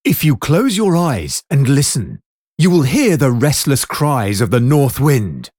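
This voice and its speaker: Reader voicing a calm wise wand-bearer. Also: mid-range voice, a little slow, no room sound, clean studio sound. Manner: calm, instructing.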